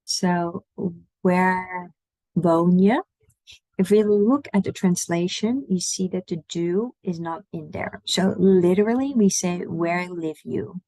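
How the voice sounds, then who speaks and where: A Dutch-speaking woman teaching an online language lesson in English, saying Dutch words slowly and repeating them for learners. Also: on the low side, warm tone, no echo, poor audio.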